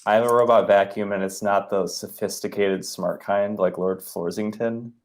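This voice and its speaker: Dry-joking man with a low voice. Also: steady tone, moderate pace. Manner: dry joking, swears casually. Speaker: band member co-hosting. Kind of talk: casual livestream chat.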